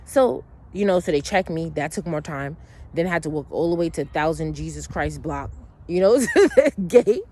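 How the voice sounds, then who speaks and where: With a low, darkish voice and lively intonation, a woman talks at normal speed through a long personal story. The casual monologue is blunt and emotional, laced with swearing and rambling restarts and asides.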